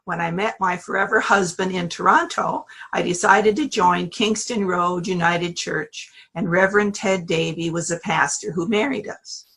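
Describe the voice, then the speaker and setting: A woman from Michigan, a church member, giving a calm, measured personal testimony. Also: fairly low pitch, creaky, breathy edge. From Michigan, USA.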